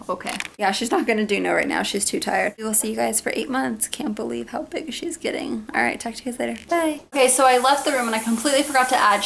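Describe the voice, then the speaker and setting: A woman's voice: fairly high pitch, vocal fry, a bit bright, slight background noise. A young woman chatting casually through a baby update, talking to her viewers at home with lots of fillers. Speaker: mom vlogger.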